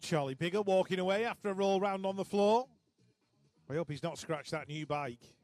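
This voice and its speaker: A man's voice: sits high, moderate pace, darkish tone, no room sound. A man giving live race commentary, chatty and joking between calls.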